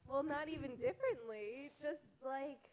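A young woman chatting casually, telling a story in a halting, giggly way. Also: high-pitched, a little mellow, slight background noise, rough recording. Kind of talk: casual chat.

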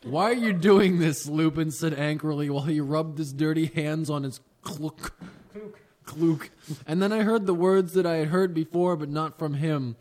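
Man with a high voice, deadpan comedic read-through. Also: moderate pace. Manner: deadpan reading with asides and laughs. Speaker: co-host reading aloud. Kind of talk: comedic dramatic reading.

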